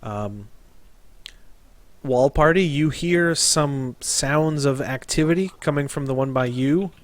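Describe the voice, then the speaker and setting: A man's voice: a little high, slow pace. A man running a tabletop game as game master, narrating casually and laughing often. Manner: casual, with frequent laughs and fillers.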